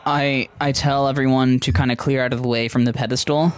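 A man's voice: medium pitch, little pitch movement, brisk. A man playing in a tabletop game, describing his character's actions hesitantly. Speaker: player. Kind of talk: casual tabletop play.

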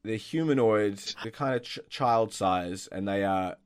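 A man's voice: fairly low pitch, unhurried, clear, resonant tone. A man narrating a tabletop role-playing game as game master, with many ums and restarts. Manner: hesitant, many fillers and restarts.

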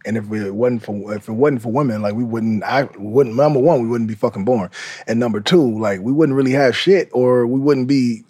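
A man chatting loosely and rambling in a podcast studio, swearing a lot while high on mushrooms. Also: moderate pace, dark tone, breathy edge, no room sound. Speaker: guest. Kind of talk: casual chat. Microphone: studio mic.

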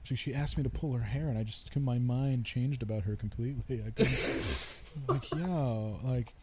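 A man's voice: mid-range voice, moderate pace, heavy background noise. A man hosting a crude comedy podcast, rambling and profane, laughing often. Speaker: podcast host.

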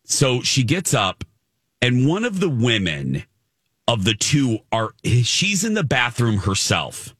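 A man spins a story in a casual podcast chat, his pitch leaping up and down as he acts out each person he quotes. The recording is dry and close, with no room sound. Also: takes it slowly, husky, dry recording. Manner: animated, dramatic storyteller who acts out quotes.

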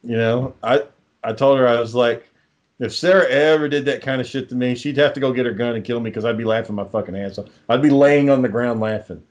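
A man's voice: medium pitch, brisk, muffled recording. A man telling rambling, profane stories in casual chat, laughing as he goes.

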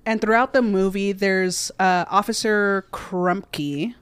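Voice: medium pitch, takes it slowly, fairly bright tone, clean tone, no room sound. A podcast co-host casually recapping a movie plot, rambling with lots of fillers and restarts.

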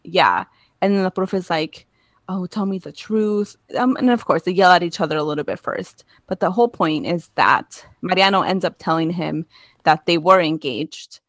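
Animated woman recapping a show. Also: on the low side, normal speed, no room sound. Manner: animated retelling, acts out characters' lines. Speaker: podcast co-host. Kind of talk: casual recap chat.

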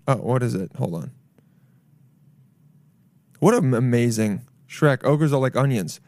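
A young man hosting a solo podcast from his apartment, rambling loudly with jokes and swearing. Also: medium pitch, expressive, slow, long pauses, dry recording. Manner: rambling, loud, jokey, swears a lot. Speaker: podcast host. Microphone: camera mic.

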